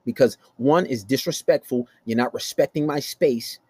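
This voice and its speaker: A man's voice: medium pitch, moderate pace, a little mellow, slightly rough, no room sound. A man hosting a blunt relationship-advice rant, talking aggressively and swearing constantly. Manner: aggressive, blunt, heavy cursing. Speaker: host.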